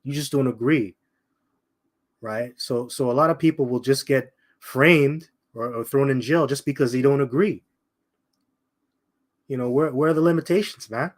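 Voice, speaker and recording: A man teaching from scripture in a loose, streetwise way, calling out his listeners directly. His voice sits at an ordinary middle pitch for a man. He circles back to the same points and slows right down on the ones he wants to stick. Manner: repeats points, slows down for emphasis. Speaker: bible teacher. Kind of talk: informal scripture commentary.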